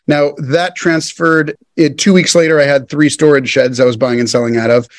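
In his thirties and a guest on a podcast, this man casually tells his business story, animatedly acting out the quoted dialogue as he goes. His voice is a little high, at normal speed, in a dry recording.

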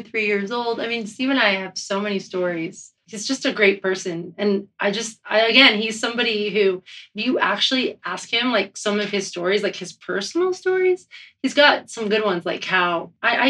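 A woman, a snowboard instructor, telling lively, laughing anecdotes about a coworker in an interview. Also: medium pitch, recorded from a distance. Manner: animated, laughing storyteller.

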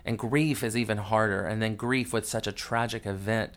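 A grieving man hosting his podcast, telling a raw, emotional family story with a lot of swearing, moving between hushed sorrow and loud, excited retelling. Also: on the low side, normal speed. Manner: candid and profane, swings from hushed grief to loud excited retelling. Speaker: podcast host.

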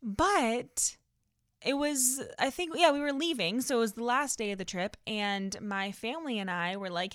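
A young woman with a Californian Valley girl accent hosts her own podcast, telling a story in a bubbly, dramatic way and laughing often. Her voice sits a little high and sounds smooth and clear. The recording is dry and close, with no room around it. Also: moderate pace, a bit bright, dry recording. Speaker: podcast host. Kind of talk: casual solo podcast storytelling.

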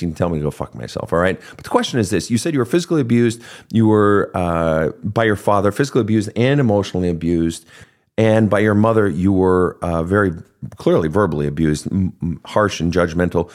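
A man with a deep, darkish voice hosts a counseling show, questioning his guest bluntly and swearing casually as they talk.

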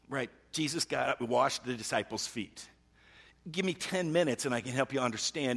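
A middle-aged man preaching a sermon, swinging from loud, urgent emphasis down to a hushed near-whisper. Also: on the high side, gravelly, slightly rough. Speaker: pastor.

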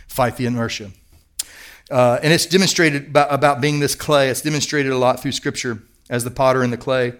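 A man's voice: medium pitch, moderate pace, a bit bright. A middle-aged man preaching a sermon as pastor, earnest and emphatic, repeating key words for weight.

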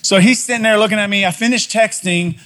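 A man with a noticeably high speaking voice tells a story from the pulpit. He is a middle-aged pastor, animated and self-mocking as he recounts his own blunder. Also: fast. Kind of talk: storytelling sermon.

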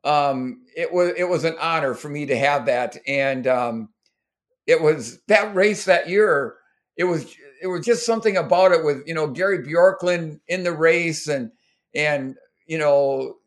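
Middle-aged guy from minnesota telling old race stories, lots of restarts, gets choked up, voice on the higher side. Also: unhurried. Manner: rambling with many restarts, emotional. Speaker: guest, former marathon runner. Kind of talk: storytelling interview.

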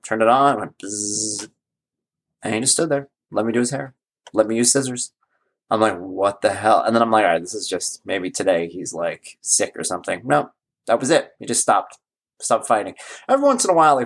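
A man in his forties, a parenting blogger, telling a story in a casual, wry and emphatic way, often repeating himself for emphasis. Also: medium pitch. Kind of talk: casual vlog monologue.

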